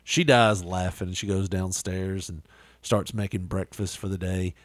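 A man's voice: low-pitched, steady tone, normal speed, dry recording. A man co-hosting a podcast, telling jokes in a loose, casual way and swearing freely. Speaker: podcast co-host. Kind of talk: casual chat, joke telling.

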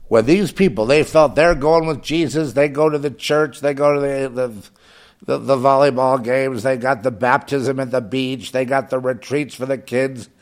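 A man delivers a fervent, rambling preaching monologue, circling back on his phrases again and again. His voice sits at an ordinary middle pitch. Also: steady tone, moderate pace.

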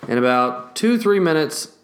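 A young man telling a story in a casual vlog, animated, swearing heavily and laughing between lines. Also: fairly high pitch, normal speed. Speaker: vlogger.

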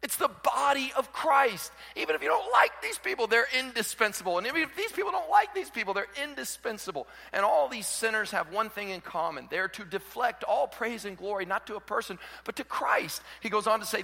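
Pastor guy preaching, bright lively voice that jumps all over, booming hall echo. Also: a little fast, vocal fry. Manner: animated, acts out quoted voices, swings from soft to shouting. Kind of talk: sermon. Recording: hall reverb.

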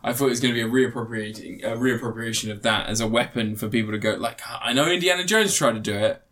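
Tired bloke rambling about a movie, swears a lot, um and like everywhere. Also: male voice, medium pitch, fast talker, a bit bright. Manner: rambling, sweary, full of fillers and restarts. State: tired, yawning. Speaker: podcast host reviewing a film. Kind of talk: casual chat.

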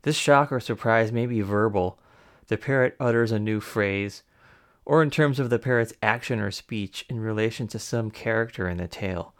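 A man hosting a radio program, introducing a guest and reading passages in a measured way. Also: fairly low pitch. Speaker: radio host. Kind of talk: radio interview and narration.

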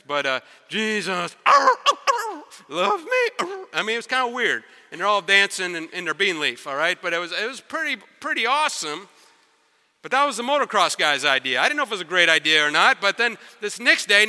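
A man preaching a sermon as a story, animated and talking straight to the crowd, then dropping to quiet intensity. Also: sits high. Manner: animated, acts out quotes and sounds, drops to quiet intensity. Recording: long hall reverb.

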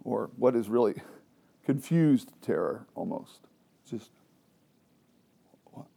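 Guy leading a bible study, animated, keeps quizzing the room. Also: medium pitch, takes it slowly, vocal fry, husky. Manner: animated, explains with questions to the group. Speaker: Bible teacher.

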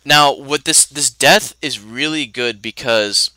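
Young male podcast co-host, casual rambling delivery, bright, clear, dry close recording. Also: medium pitch, takes it slowly, no room sound. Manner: rambling, many restarts and fillers. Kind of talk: casual film discussion.

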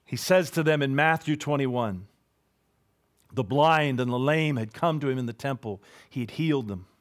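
A man preaching a sermon, building to loud high peaks and dropping to quiet low asides. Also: normal speed. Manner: dramatic, swings from loud rising peaks to low hushed asides.

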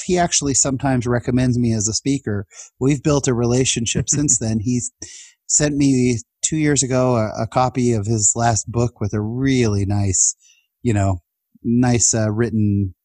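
Earnest husky man telling stories. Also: mid-range voice, dark tone, no room sound. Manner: earnest, emotional, laughs between lines. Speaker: guest. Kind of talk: casual podcast storytelling.

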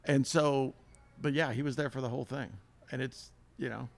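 Wry man with a gravelly voice. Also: mid-range voice, fairly even intonation. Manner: wry, quick to joke. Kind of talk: casual chat.

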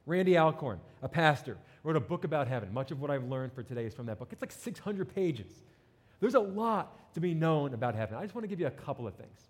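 A man from New Jersey with a slight New Jersey accent, preaching a sermon as pastor with animated, joking asides to the congregation. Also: fairly high pitch, quick pace.

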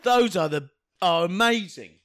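Man, podcast co-host; high, playful, giggly. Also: expressive, a little slow, a bit bright. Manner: playful, giggly, talks while eating. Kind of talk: casual banter.

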